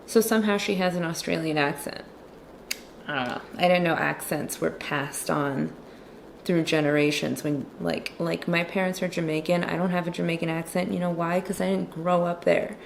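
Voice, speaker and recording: A woman's voice: fairly low pitch, fairly even intonation, normal speed, vocal fry, slight background noise. A woman chatting casually and sarcastically about a movie while she draws, with lots of "like". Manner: sarcastic, chatty, heavy use of "like". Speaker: illustrator and movie commentator. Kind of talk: casual chat while drawing.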